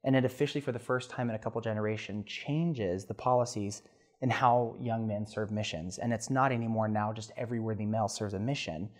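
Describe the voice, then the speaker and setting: A man in his thirties, a podcast guest telling a personal story in an earnest, animated way with restarts. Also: fairly low pitch, fairly quick.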